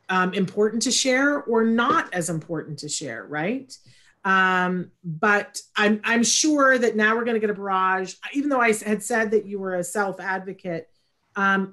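A woman's voice: mid-range voice, fairly bright tone. A woman hosting an interview casually, enthusiastic and full of praise for her guest. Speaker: interview host.

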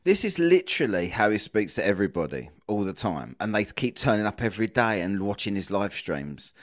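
A man, hosting a podcast and ranting in casual commentary, swearing and animated. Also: fairly low pitch, a little fast. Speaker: podcast host.

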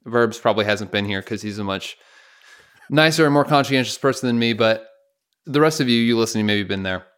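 A man's voice: on the low side, fairly quick, fairly bright tone, smooth. A man co-hosting a podcast in casual chat, joking and self-deprecating, acting out little everyday scenes as he talks. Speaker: podcast co-host.

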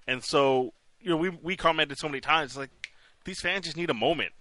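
Host, male, post-game hockey chat, bright forceful tone, dry close mic. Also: a little high, a little fast, no echo. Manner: animated, restarts often, laughs while talking. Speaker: sports podcast host.

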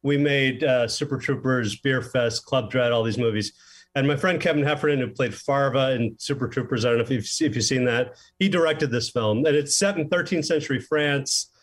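A man being interviewed as a film director, telling stories in a casual, animated way and acting out the lines he quotes. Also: mid-range voice, moderate pace. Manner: animated storyteller who acts out quoted lines.

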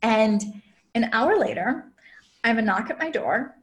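A woman with a somewhat high voice tells a personal story as a guest on a chat show. She talks casually, packing her sentences with "like" and acting out little quoted lines from other people. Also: unhurried. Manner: chatty, heavy use of "like" fillers; quotes herself and others in lively asides. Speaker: podcast guest, relationship coach.

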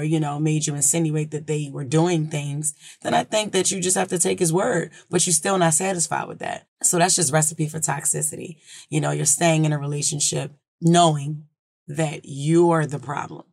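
A woman's voice: deep voice, creaky, darkish tone, no room sound, studio quality. A woman hosting an advice podcast in a casual chat, blunt and profane, talking loosely and circling back on her points. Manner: loose and conversational, repeats herself.

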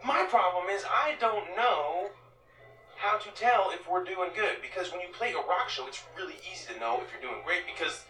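An actor playing a goofy, cheerful rock musician who rambles. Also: male voice, high voice, expressive, moderate pace, sharp tone, faint music behind. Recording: echoey sitcom clip from a distance.

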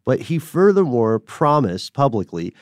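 A man's voice: medium pitch, big pitch swings, a little slow, no echo, studio quality. A man co-hosting a podcast in casual chat, making wry, joking asides. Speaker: podcast co-host.

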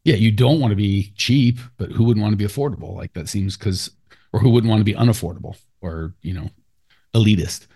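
A man hosting a podcast, coaching a client in a blunt, animated way. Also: fairly low pitch, a little fast, gravelly, breathy edge. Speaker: business coach and podcast host. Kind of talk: casual coaching talk.

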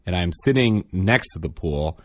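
Man, 30s, father, podcast co-host, casual storytelling, low voice, animated, acts out quotes. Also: normal speed, no room sound, clean studio sound.

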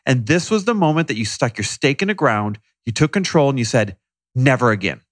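A man's voice: mid-range voice, very animated, a little fast, no echo, clean studio sound. A man co-hosting a podcast, recounting past events in a candid, self-deprecating way. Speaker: podcast co-host. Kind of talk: casual conversation.

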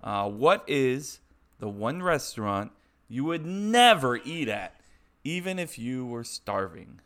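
A man's voice: mid-range voice, big pitch swings, takes it slowly, fairly bright tone. A young man co-hosting a podcast in casual chat, laid-back and drawling his questions. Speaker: podcast co-host.

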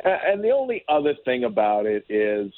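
A man's voice: medium pitch, big pitch swings, a little fast, no echo. A man guesting on a radio show, speaking bluntly in a casual, opinionated way with lots of restarts. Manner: blunt, talks in run-on restarts. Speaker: hockey historian guest. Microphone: phone call. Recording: tinny phone line, dry.

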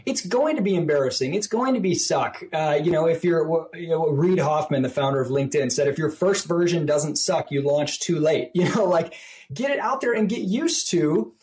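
Man guest on a podcast, fairly high voice, lively and talky, into a mic. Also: moderate pace. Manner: animated, acts out quoted voices at higher pitch. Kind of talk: casual conversational talk. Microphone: podcast microphone.

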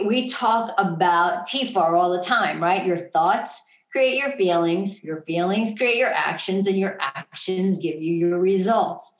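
A woman's voice: medium pitch, echoey room. A woman co-hosting a casual motivational chat, upbeat and coaching, often checking in with "right?". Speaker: podcast co-host.

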